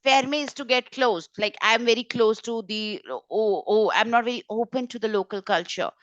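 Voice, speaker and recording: A woman teaching French vocabulary in an online exam-prep class, brisk and corrective, often repeating key points. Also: on the high side, a bit bright, no room sound, highs cut off. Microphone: video call.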